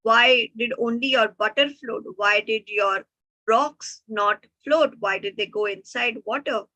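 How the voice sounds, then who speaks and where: Woman voicing a calm wise sage. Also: a little high, no room sound, rough recording. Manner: calm, slow and deliberate.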